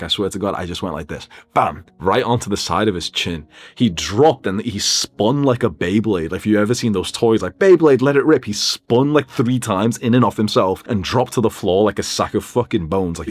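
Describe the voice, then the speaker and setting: A young man in his twenties tells a personal story in a casual, animated way, swearing freely. His voice sits on the lower side. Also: dry recording. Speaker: vlogger.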